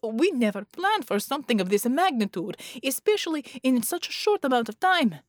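A woman voicing a male scientist spirit in an audiobook who has lost his calm and speaks high and strained. He sounds close to wailing. The recording is dry and close. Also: fairly quick, no room sound. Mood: frantic. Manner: frantic, high-strung.

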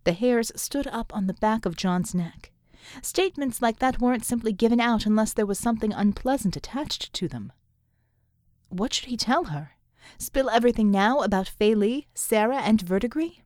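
A woman narrates an audiobook from a script in a measured, even storytelling style. Her voice is a little high, and the clean studio recording has no room sound.

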